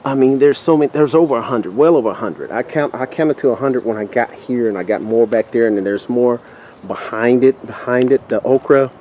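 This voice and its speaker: A man with a Texan accent walks through his sunny garden with a handheld camera, talking eagerly and tripping over his words. His voice is mellow and relaxed, with faint background noise outdoors. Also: mid-range voice, a little fast, highs cut off. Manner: excited, repeats himself, stumbles over words. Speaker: home gardener showing his plants. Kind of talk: casual walk-through vlog.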